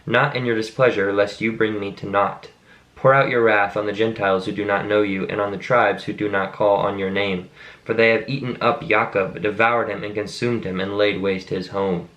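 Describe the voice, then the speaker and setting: Low-voiced man reading scripture aloud. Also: poor audio. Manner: steady, measured reading with brief asides to explain words. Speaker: Bible reader.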